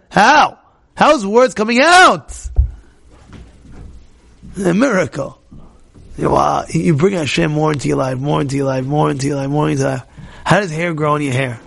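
Animated high-voiced man teaching Torah. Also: moderate pace, gravelly, pauses often. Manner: animated, repetitive, questions the audience directly. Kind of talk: informal Torah class talk to a live group.

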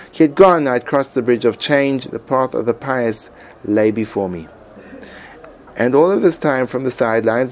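A man and Torah teacher reading his own personal essay aloud in an earnest, emotive way with dramatic pauses. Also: mid-range voice, darkish tone, a little hiss or hum, rough recording.

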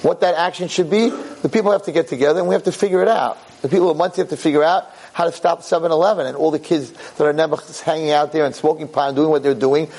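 A man's voice: a little high, steady tone, fast talker, few pauses, a little mellow. A man giving a Torah lecture in an impassioned, exhorting manner.

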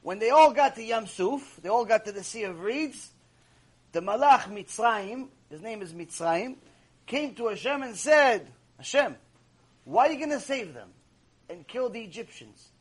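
A man delivers a sermon-style Torah lecture with a strikingly high voice for a man. He speaks as a rabbi directly to a live audience, hammering his points by saying them twice and asking questions he answers himself. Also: expressive, normal speed, husky. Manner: emphatic, repeats key phrases for stress. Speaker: rabbi teaching a Torah class.

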